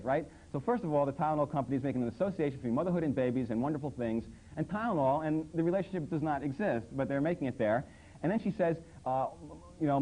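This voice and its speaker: Sarcastic male comedy host, mellow tone, incredulous monologue on advertising. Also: mid-range voice, expressive, brisk, rough recording. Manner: sarcastic, incredulous, quoting ads in mock voices. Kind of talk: satirical monologue on commercials. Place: public access TV studio under hot lights.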